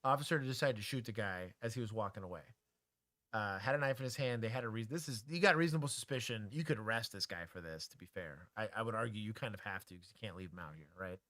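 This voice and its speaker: A man's voice: fairly low pitch, fast talker, pushed and bright, no room sound, studio quality. A man co-hosting a livestream, a former police officer giving opinionated commentary and explaining use-of-force law.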